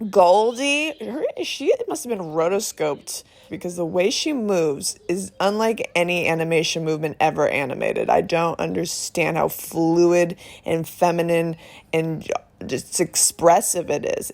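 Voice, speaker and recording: A woman in her thirties reviewing a film in a phone voice memo, talking in an excited, rambling way and swearing often. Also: on the low side, a little slow, creaky. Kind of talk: casual voice memo rant.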